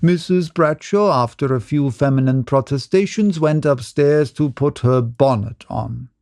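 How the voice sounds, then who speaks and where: A man narrates a short story at an unhurried pace. His delivery is measured and steady, recorded close with no room sound. The pitch is middling. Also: dry recording. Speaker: audiobook reader.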